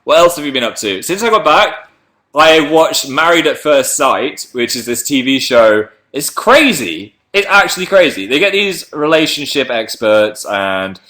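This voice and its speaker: A man's voice: on the high side, sing-song, measured pace, pushed and bright. A man hosting a casual livestream, reading viewer messages aloud and rambling in a chatty, self-deprecating way. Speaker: livestream host.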